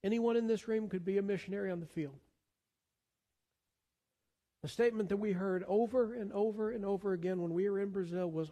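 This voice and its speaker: A man's voice: sits high, fairly quick, pauses often, mellow, in a large hall. A man preaching a sermon as pastor, earnest and given to repeating words as he searches for the next one. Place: church sanctuary.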